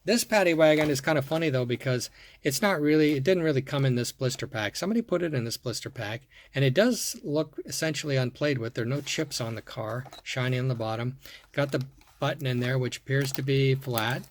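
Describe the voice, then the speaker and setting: A man's voice: mid-range voice, fairly quick, dry recording. A man showing off a toy car collection, talking casually and admiringly, repeating his words and thinking aloud as he goes. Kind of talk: casual show-and-tell vlog.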